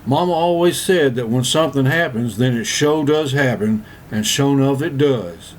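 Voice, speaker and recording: A man voicing Forrest Gump, a gentle, slow-witted Southern man, in a comedic first-person monologue with a slow, earnest, rambling drawl and a Southern US accent. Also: medium pitch, slight background noise, lightly acted.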